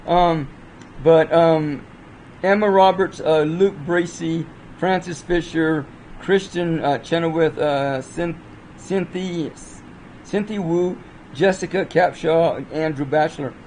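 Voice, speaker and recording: Rambling male movie reviewer, slightly higher voice, chatty and unscripted, lots of restarts. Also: slow pace, a little mellow, slight background noise, rough recording. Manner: rambling, full of fillers and restarts. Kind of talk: casual spoken movie review.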